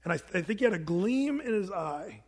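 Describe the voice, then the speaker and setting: A man's voice: sits high, very animated, brisk, husky, big-room sound. A man preaching a casual, joking sermon, acting out the people in his stories. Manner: informal, joking asides, acts out the people in the stories. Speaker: pastor. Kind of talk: conversational sermon.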